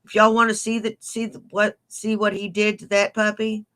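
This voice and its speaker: A woman hosts a relaxed live stream in a bright, sharp voice. She greets viewers and donors by name. She tosses out blunt, teasing jabs. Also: medium pitch, moderate pace. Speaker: livestream host. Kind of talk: casual live-stream chat.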